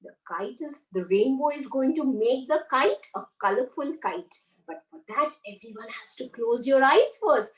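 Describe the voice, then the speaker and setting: Animated Indian woman teacher telling stories. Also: high-pitched, moderate pace. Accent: Indian English. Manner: animated, asks children questions. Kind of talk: storytelling to young children. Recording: roomy, far from mic.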